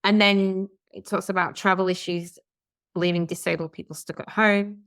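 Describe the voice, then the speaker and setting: Low, gravelly woman co-host. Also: fairly even intonation, normal speed, a bit bright, no room sound, studio quality. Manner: chatty, reads and comments on articles. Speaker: podcast co-host. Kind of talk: casual discussion, reading out news stories.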